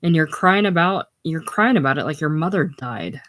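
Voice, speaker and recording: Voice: mid-range voice, animated, moderate pace, a bit bright, no room sound, natural voice. A reader voicing a blunt, streetwise young male hustler with coarse, slangy talk in a casual play reading. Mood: callous.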